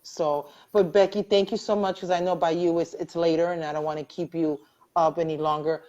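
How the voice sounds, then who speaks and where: A woman with a low voice hosts a live online chat, earnest and devout, repeating herself and starting over as she speaks from the heart. She sounds close to tears. The audio is dull and lo-fi, like a video call. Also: little pitch movement, brisk, mellow. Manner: heartfelt, religious, rambling with many restarts. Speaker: host.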